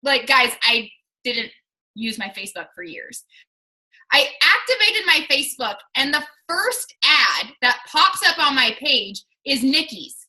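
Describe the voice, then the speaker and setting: A young woman from Washington state talks candidly to her team on a casual call. Her voice sits high and sounds very bright and sharp, and she is chatty and earnest, with "like" in nearly every sentence. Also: sing-song, measured pace, low-quality recording. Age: 20s. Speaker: fitness coach.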